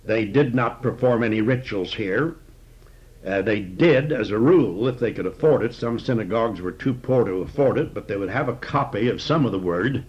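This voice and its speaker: A man teaching a sermon on scripture in a measured, conversational way with frequent fillers. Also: on the low side, a little mellow, slightly rough. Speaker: Bible teacher. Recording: dull lo-fi recording.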